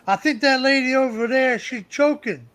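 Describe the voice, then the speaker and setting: A man's voice: very high voice, normal speed, fairly bright tone, voice pushed up. A man voicing a dim-witted, boastful male hillbilly in a weak put-on Southern American accent.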